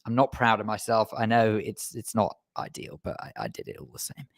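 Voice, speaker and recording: A man's voice: fairly low pitch, big pitch swings, a little fast, vocal fry, dry recording, clean studio sound. A man co-hosting a radio show, chatting casually and reading out listener messages. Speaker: radio co-host.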